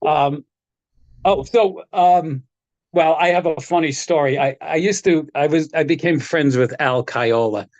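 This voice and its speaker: A man's voice: on the high side, measured pace, darkish tone, dry recording, muffled recording. A man telling casual anecdotes as a guest on a video-call chat, acting out the people he quotes and laughing often. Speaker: guest, guitar tech. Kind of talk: casual storytelling.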